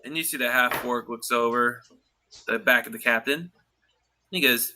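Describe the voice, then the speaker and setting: A man narrating a tabletop role-playing game as dungeon master, pausing often to clear his throat. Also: mid-range voice, sharp tone.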